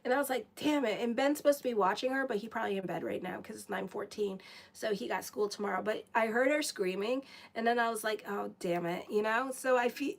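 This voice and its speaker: A woman reading tarot cards in a relaxed, chatty way, often breaking off to talk to viewers and to her pets. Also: mid-range voice. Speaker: astrologer and tarot reader. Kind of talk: casual live tarot reading.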